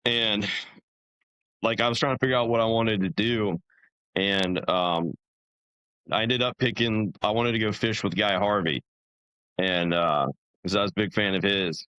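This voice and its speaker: A man's voice: on the low side, measured pace, pauses often, bright, forceful tone, clear, resonant tone, no echo, dull audio. A young man, a podcast guest, telling his story in a casual, rambling way, full of fillers and restarts.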